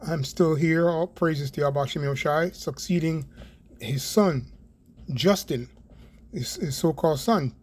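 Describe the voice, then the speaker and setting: A man's voice: on the high side, a little slow, a little mellow. A middle-aged Canadian man giving an online Bible prophecy talk, rambling, repeating words for emphasis and often asking "right?".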